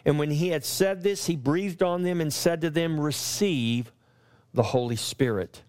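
A man preaching a sermon to his church, his voice sitting a little high for a man. He builds his points through repeated, rising lines. When he quotes scripture, he slows down and leans on each word. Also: darkish tone. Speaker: pastor.

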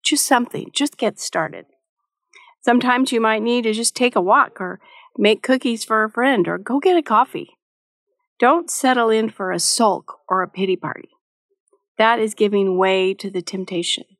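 A woman's voice: fairly high pitch, moderate pace, fairly bright tone, no room sound, clean studio sound. A middle-aged woman giving a devotional teaching talk in a motherly, practical way, with light touches of humor. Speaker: Christian devotional speaker.

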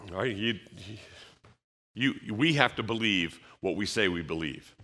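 A man's voice: on the low side, lively intonation, normal speed, pushed and bright. A man giving a conference talk, conversational, with frequent fillers and restarts, acting out bits of dialogue. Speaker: conference speaker.

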